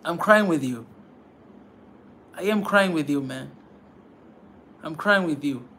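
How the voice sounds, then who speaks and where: A man with a rather high voice talks fervently to his viewers as host of a pan-African channel. He repeats his phrases for emphasis and keeps tagging them with "man," pleading more than lecturing. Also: lively intonation, slow, pushed and bright, a little hiss or hum. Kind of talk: impassioned livestream talk to viewers.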